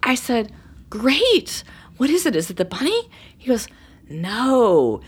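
A middle-aged woman telling a personal story in a casual, animated way, acting out what people said. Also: fairly high pitch, slow pace, breathy edge. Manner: animated, acts out quoted voices. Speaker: storyteller guest.

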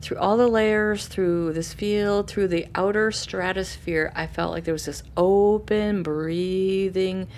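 Animated woman telling a personal story. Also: slow pace, hardly any pauses, a little hiss or hum. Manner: animated, acts out quoted voices with sudden high bursts; drops to soft, hushed narration for calm moments. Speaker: interview guest. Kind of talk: casual storytelling.

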